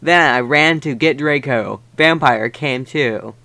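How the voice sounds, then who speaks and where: A man co-hosting a comedy podcast, reading a fanfic aloud in a deadpan way with crude asides. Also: mid-range voice, unhurried, no room sound.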